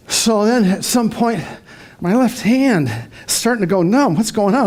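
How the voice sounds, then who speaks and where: A man's voice: high voice, measured pace, a little mellow, slight background noise. A middle-aged man giving a motivational talk to a live audience, telling a story and acting out his own inner dialogue. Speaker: motivational speaker.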